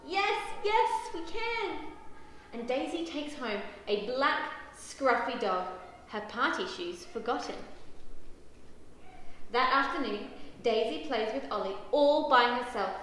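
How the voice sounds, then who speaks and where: A woman reading a picture book aloud to children, expressive, with lively character voices and questions to the listeners. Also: on the high side, a little slow. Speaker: children's story reader. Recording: very echoey room, faint background noise.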